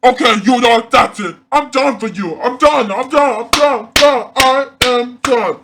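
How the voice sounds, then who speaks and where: A man playing an upset male character named Carl in an amateur fan drama, halting and repeating his words. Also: very high-pitched, vocal fry, noisy background, full character voice. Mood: fed up.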